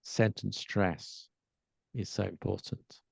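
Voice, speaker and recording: Deep, gravelly and husky, with a touch of mellowness, the co-host's voice stays steady as he takes his time. He's explaining pronunciation tips on a podcast in a loose, think-aloud way, restarting a lot and voicing examples. The recording is dry.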